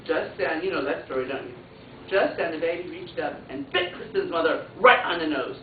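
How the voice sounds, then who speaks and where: A woman pre-K teacher reading a picture book aloud to children, an animated storyteller who adds playful asides and moves between loud sound effects and soft narration. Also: sits low, fairly quick. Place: classroom. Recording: tinny, echoey classroom from far off. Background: loud classroom noise.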